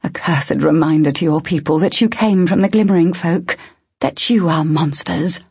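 A woman's voice: deep voice, normal speed, a little mellow, husky, dry recording, heavily acted. A woman reading an audiobook, voicing a proud, solemn female unicorn who speaks formally. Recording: dull lo-fi.

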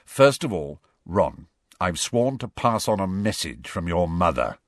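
Sirius, a man reading a brisk, frank wizard. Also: low voice, big pitch swings, no echo, clean studio sound, exaggerated voice. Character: adult male wizard, wry, bold, fond godfather. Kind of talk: audiobook character voice.

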